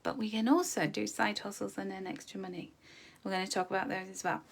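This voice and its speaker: A woman's voice: medium pitch, fast, vocal fry. A woman from the United Kingdom coaching a live budgeting tutorial, chatty and encouraging with plenty of ums. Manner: chatty, encouraging, addresses viewers as "my loves".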